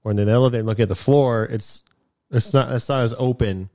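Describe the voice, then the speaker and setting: A man's voice: medium pitch, fairly quick, mellow, no room sound, studio quality. A man co-hosting a podcast in casual chat, telling stories and acting out quotes with laughter. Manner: storytelling, laughs often, acts out quotes. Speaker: podcast co-host.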